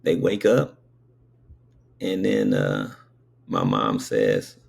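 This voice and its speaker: A man in his fifties with a low, gravelly, husky voice, telling stories slowly and conversationally. His pitch swings widely as he drifts from point to point and keeps checking in with the listener. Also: sing-song. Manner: meandering, conversational, many asides to the listener. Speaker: storyteller. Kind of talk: casual spoken recollection.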